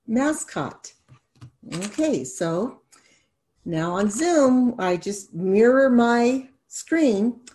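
A woman reading tutor giving an instructional video lesson, sounding out letters and syllables slowly and clearly. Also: medium pitch, a little mellow.

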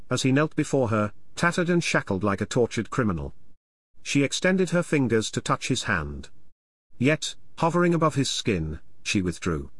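Expressive male audiobook narrator. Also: mid-range voice, no room sound. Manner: expressive, measured storytelling.

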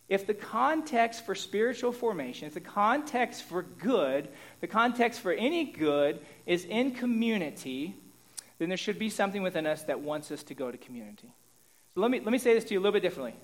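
A man's voice: high-pitched, very animated, quick pace. Conversational male pastor preaching. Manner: conversational preaching with rhetorical check-ins; swings between loud emphasis and quiet asides. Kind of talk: sermon.

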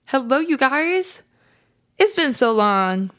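A young woman hosting a faith podcast, bubbly and enthusiastic in casual chat, turning soft and earnest when she prays. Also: sits high, sing-song, slow. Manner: bubbly and enthusiastic, says y'all. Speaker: podcast host.

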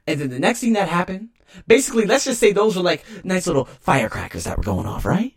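Gravelly, animated man ranting. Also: fairly high pitch, fast. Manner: animated, rambling, emphatic. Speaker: podcaster. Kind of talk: solo podcast rant.

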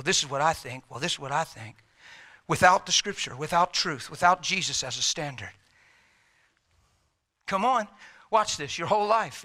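A man preaching a sermon with passion, swinging between shouts and hushed, quiet lines. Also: a little high.

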